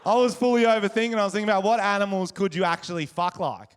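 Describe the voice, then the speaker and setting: A man's voice: sits high, steady tone, fairly quick, clear, resonant tone. A man with an Australian accent doing crude, brash stand-up comedy and crowd work on a stage before a live audience. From Wollongong, Australia. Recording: live show with audience noise.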